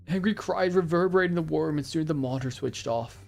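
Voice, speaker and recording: Brief: a man reading story text aloud, matter-of-fact, slightly high voice, faint music behind. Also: fast, gravelly, few pauses, darkish tone. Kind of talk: reading game dialogue and narration aloud.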